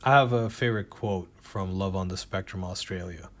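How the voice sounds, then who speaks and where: A man's voice: deep voice, moderate pace. A man performing a stand-up comedy set, rambling and self-deprecating, reading jokes from a notebook.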